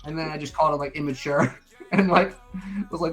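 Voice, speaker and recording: With faint music behind him, a middle-aged man co-hosting a stream tells stories in a slightly raised voice that sits on the high side and moves fairly quickly. He's an animated storyteller who performs people's quotes and swears freely in casual conversation.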